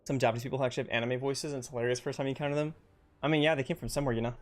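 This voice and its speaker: A man's voice: mid-range voice, steady tone, racing. Chatty young man streaming a game. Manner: chatty, answers viewers' questions between rounds with many fillers. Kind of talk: casual live-stream chat while gaming.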